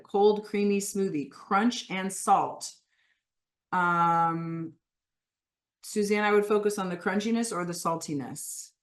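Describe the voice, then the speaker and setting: Woman coaching with slow emphatic repetition. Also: mid-range voice, a bit bright. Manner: emphatic, coaxing, repeats phrases slowly. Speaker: weight-loss coach. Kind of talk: live online group session.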